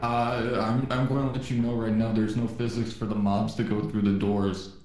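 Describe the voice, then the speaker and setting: A man chatting casually during a co-op game, giving his friends quick directions and warnings. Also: fairly low pitch, flat delivery, darkish tone, roomy sound. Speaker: gamer. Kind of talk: casual co-op gaming chat.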